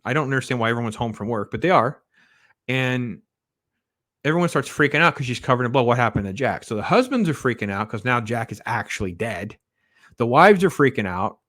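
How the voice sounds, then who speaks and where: A man's voice: mid-range voice, a bit bright, dry recording. A man giving a casual, blunt spoiler review of a film, rambling and sarcastic as he recounts the plot. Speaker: movie reviewer.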